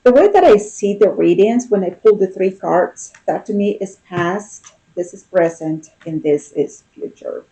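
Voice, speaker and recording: A woman's voice: mid-range voice, lively intonation, a little slow, few pauses, mellow, poor audio. A woman giving a casual tarot reading, talking in a loose, conversational way and often checking in with "okay?" and "you know?". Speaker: tarot reader.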